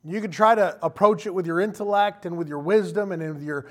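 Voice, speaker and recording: High-voiced man preaching animatedly. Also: fairly quick. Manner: animated, conversational preaching with acted-out quotes. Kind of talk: sermon.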